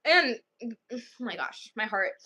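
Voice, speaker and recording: A young female vlogger rambles through a storytime with a bright, clear voice pitched a little high. She keeps it casual and loose, stringing events together with "I was like.". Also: sing-song, measured pace.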